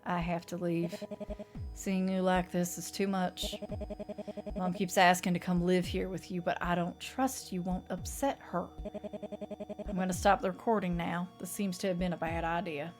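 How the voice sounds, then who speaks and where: Calm tired son, read by a woman, gently insistent, for a horror visual novel, faint music underneath. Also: fairly low pitch, moderate pace, lightly acted. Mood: weary. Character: weary adult son, patient and calm.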